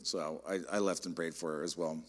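A middle-aged man, a pastor, preaching a sermon in a conversational, animated storytelling way. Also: extremely low pitch, fairly quick. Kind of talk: sermon with personal stories.

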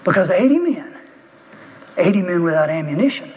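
A man telling a story in a speech, building tension with vivid detail and pauses. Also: sits high, very animated, big-room sound, low-quality recording. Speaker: speaker.

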